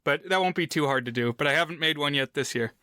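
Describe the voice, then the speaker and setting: A man co-hosting a film podcast, asking discussion questions and reflecting on memories in casual, measured chat. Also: a little high, bright, forceful tone, no echo, clean studio sound. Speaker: podcast co-host.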